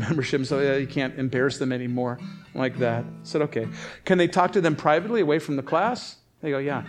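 A man preaching a sermon, telling family stories in an animated way and pitching his voice up high when he quotes other people. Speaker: pastor.

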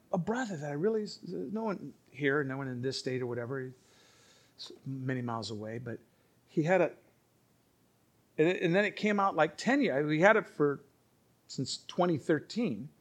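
A male pastor preaches an emphatic sermon in a voice a bit higher than most men's. He drops to quiet asides and then rises to loud, forceful lines. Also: sing-song, moderate pace.

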